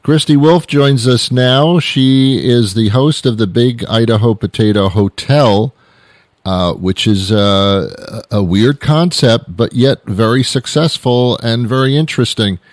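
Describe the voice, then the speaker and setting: A man's voice: medium pitch, measured pace, dry recording, studio quality. A man hosting a talk radio show, talking in a joking, rambling way.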